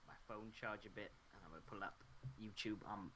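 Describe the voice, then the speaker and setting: A man's voice: on the low side, fairly even intonation, a little fast, pushed and bright, slight background noise. A man co-hosting a live stream, reading chat questions and laughing often in an upbeat, casual way. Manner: giggly, upbeat.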